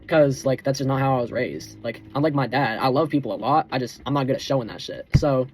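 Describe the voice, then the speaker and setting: A man's voice: medium pitch, fast talker. A teenage boy telling a heated storytime rant, swearing constantly and calling the listener bro and dude. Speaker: vlogger.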